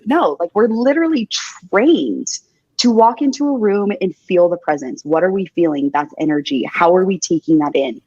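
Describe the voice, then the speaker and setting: A blunt, emphatic young woman speaks with a low, deep voice, swearing freely and hammering her points home with repetition. The sound is dry and close, with a slightly dull, muffled tone. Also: expressive, moderate pace, darkish tone, no room sound. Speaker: podcast guest, paramedic. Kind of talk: candid interview talk.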